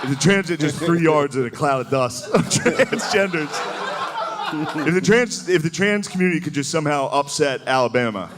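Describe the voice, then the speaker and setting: A comedian with a slightly high, expressive voice speaks at normal speed in a very noisy live recording. He performs stand-up loosely, laughing at his own lines and putting on mocking voices as the audience laughs.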